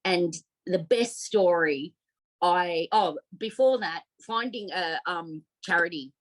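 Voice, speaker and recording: A middle-aged Australian woman telling her story as a podcast guest, heartfelt and animated, with many fillers. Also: lowish voice, takes it slowly, rough recording. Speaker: podcast guest, op shop owner. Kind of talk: casual interview storytelling.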